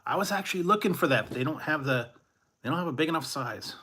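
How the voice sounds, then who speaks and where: On a live stream, a food reviewer from Central California talks fast in a slightly high, expressive voice that comes across pushed, bright, and husky. He wanders from topic to topic, laughing softly and tossing in a mock-Canadian "eh" for fun.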